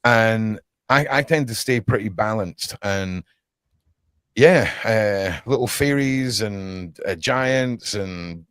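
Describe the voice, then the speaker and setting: Scottish man, podcast guest, low voice, dry recording, loose rambling talk. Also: takes it slowly, clear, resonant tone, no room sound. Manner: relaxed storytelling, repeats words. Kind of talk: casual chat.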